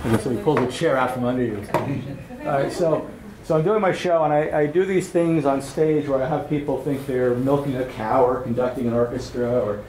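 A man's voice: mid-range voice, fairly quick, background noise. A man giving a live workshop talk, telling anecdotes in a conversational, joking way and checking in with his audience. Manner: anecdotal, joking, chuckles at own stories. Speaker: workshop speaker. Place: workshop room at an event. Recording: roomy event hall with faint ambience.

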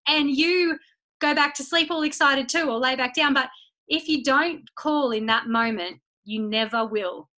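A woman's voice: high-pitched, a little slow, sharp tone, low-quality recording. A young woman giving a chatty motivational talk to her team, acting out little inner voices and phone calls. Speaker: team leader speaking to her business team.

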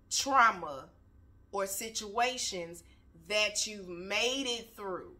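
A woman's voice: medium pitch, pushed and bright. A woman on her couch at home giving a candid motivational talk, blunt and preachy, swearing freely. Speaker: motivational speaker.

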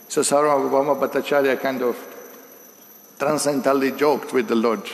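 A man's voice: mid-range voice, steady tone, moderate pace. A man giving a devotional scripture lecture, telling stories and acting out their dialogue with many restarts. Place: temple hall. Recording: echoey hall with long reverb.

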